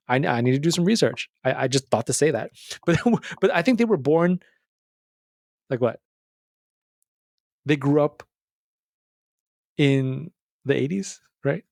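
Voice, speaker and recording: A man's voice: a little high, expressive, measured pace, vocal fry, long pauses, a little mellow, no echo, studio quality. A man co-hosting a podcast, thinking aloud in a casual, musing way with frequent restarts. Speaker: podcast co-host.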